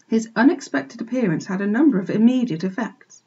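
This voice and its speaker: A woman teacher expressively reading a children's book aloud for a remote class, pausing to point out pictures, on a dull lo-fi recording. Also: mid-range voice, expressive, mellow, husky. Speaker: primary school teacher. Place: home, remote lesson.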